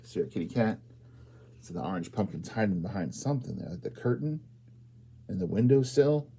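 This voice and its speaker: A man reads a picture book aloud to young children, stopping often to ask them questions. His voice is warm and a little husky, with lively swings in pitch and sudden loud exclamations. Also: a little fast. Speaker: librarian reading to children. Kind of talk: children's storytime read-aloud.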